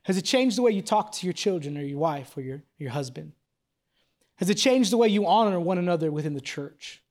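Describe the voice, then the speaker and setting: A pastor in his thirties preaches with a high-pitched, darkish voice, lively intonation, and a slightly fast pace. He's casual, joking, and confessional, peppering his talk with "like" and restarts before building to insistent, repeated questions.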